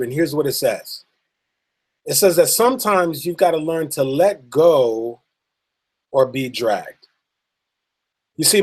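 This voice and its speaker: A man giving a motivational talk, telling a story in an earnest, emphatic way and drawing out key words slowly. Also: on the high side. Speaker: motivational speaker.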